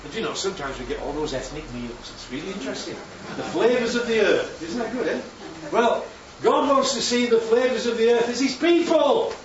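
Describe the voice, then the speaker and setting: A man's voice: high voice, lively intonation, a little fast, few pauses, a little hiss or hum. Northern english preacher guy, jokey and chatty, kinda muffled and roomy like a church recording. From northern England. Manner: chatty, jokey, asks the congregation questions. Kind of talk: sermon. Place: church hall. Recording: echoey church room, distant mic, dull sound.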